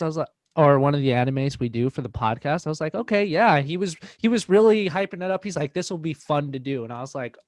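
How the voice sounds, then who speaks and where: A man's voice: on the high side, a little mellow, no echo. A young man co-hosting a podcast in casual chat, easygoing, summing up points and steering the talk. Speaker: podcast co-host.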